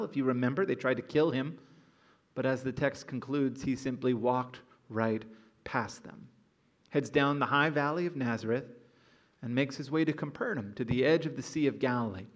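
Earnest male pastor preaching. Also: medium pitch. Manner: earnest, building to emphatic exhortation. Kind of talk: sermon. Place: church auditorium.

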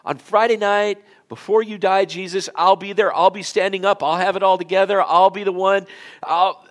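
A pastor voicing a boastful, overconfident male disciple, loud and rushed, mid-sermon. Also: high voice, fairly even intonation, voice pushed up, heavily acted.

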